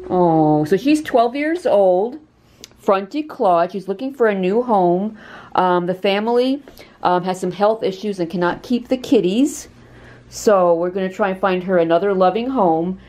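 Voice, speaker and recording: Woman, pet rescue volunteer, casual chat, gushing, coos in sing-song, mellow tone, animated pitch, dim indoor room. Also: measured pace. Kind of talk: casual adoption video chat.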